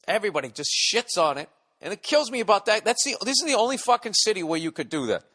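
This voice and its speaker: A man's voice: high-pitched, fast talker. A man in his forties with a Boston accent, telling a rambling, profane comic story as a podcast host. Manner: profane, animated, jumps between tangents.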